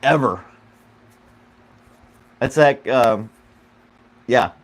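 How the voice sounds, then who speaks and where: A man's voice: medium pitch, expressive, extremely slow. A man hosting a casual live-stream podcast from home, rambling easily and chuckling as he talks. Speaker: podcast host.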